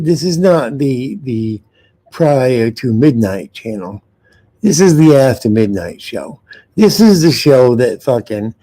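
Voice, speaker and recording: A man hosting a live uncensored show, ranting with heavy swearing and calling out to viewers in the chat. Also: mid-range voice. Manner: loud, profane, talks straight to the chat. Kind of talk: profane live-stream rant.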